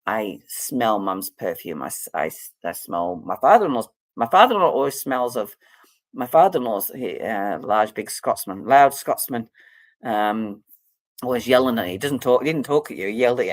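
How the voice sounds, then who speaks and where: A woman's voice: a bass voice, expressive, moderate pace, dry recording. A middle-aged woman, a psychic and counselor, talking in a rambling, casual vlog chat full of fillers and restarts.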